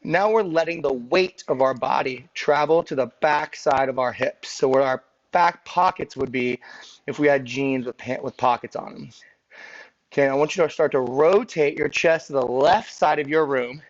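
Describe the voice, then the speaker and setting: A man coaching a live workout, out of breath as he counts reps, whoops encouragement, then calmly talks through breathing and stretches. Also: mid-range voice, moderate pace, muffled recording. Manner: energetic cheering and counting reps, then calm cool-down cues. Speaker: fitness coach.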